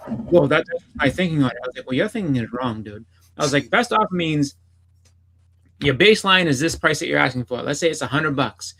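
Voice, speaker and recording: Fast, gravelly man telling a story. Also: on the high side, lively intonation, sharp tone, poor audio. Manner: rambling, repeats "I was like", swears freely. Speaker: podcast co-host. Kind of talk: casual storytelling chat.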